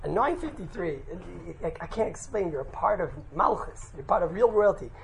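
A man teaching a religious class, telling a lively anecdote with laughs and quick "right?" asides, mixing in Yiddish and Hebrew terms. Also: sits high, gravelly, a little hiss or hum, rough recording. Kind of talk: animated storytelling talk to a group.

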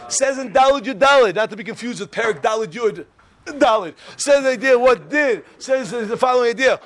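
Fast, high-voiced man teaching a class. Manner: animated, quick, acts out quotes and quizzes listeners. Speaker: religious teacher. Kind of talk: Torah class to students.

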